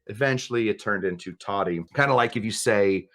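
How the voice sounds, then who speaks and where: A man's voice: fairly low pitch, fairly quick, fairly bright tone. A man hosting a cocktail tutorial, joking and rambling with playful exaggeration. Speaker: cocktail show host. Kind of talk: casual comic cocktail tutorial.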